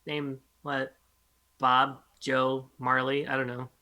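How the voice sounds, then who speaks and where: A laid-back woman playing a tabletop role-playing game with friends and often breaking into giggles. Her voice is low and bright. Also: little pitch movement, takes it slowly. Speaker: player. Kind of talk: tabletop role-play chat.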